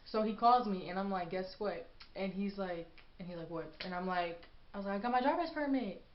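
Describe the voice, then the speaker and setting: A young woman telling a personal story in a casual vlog, animated and sassy as she acts out what people said. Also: mid-range voice, brisk. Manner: animated, acts out quotes with sass. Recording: echoey room, dull lo-fi sound.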